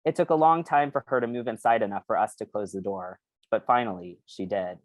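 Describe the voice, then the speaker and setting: An author reading their novel aloud at a bookstore event, then talking about writing it in a halting way with many fillers. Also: male voice, lowish voice, no room sound.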